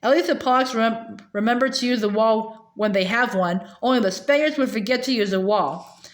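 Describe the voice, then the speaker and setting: An impatient, scornful old fencing master who scolds and nags his pupil, read by a woman. The voice runs fairly high and bright, sharp with exasperation. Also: fairly quick, echoey room, natural voice. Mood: scolding.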